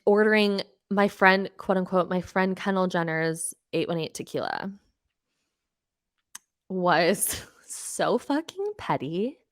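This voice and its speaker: Young woman podcaster, bright crisp voice, gossipy and animated, swears a lot, lots of likes and ums. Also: on the low side. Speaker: podcast host. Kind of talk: casual solo pop culture recap.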